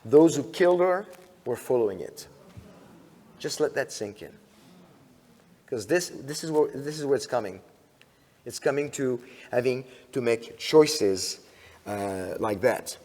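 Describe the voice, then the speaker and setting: A man giving a conference talk in a church, telling stories with lively restarts and questions to the audience. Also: medium pitch, a little slow, long pauses. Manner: animated storyteller, frequent restarts, asks audience questions. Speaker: conference speaker. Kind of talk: sermon-style conference talk. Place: church sanctuary. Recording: long hall reverb.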